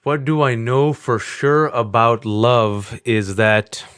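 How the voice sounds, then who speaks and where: A man in his forties, a podcast guest, talking candidly as an animated storyteller, earnest and self-mocking. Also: mid-range voice, takes it slowly, clean tone, dry recording, studio quality. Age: 40s. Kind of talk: candid conversational interview.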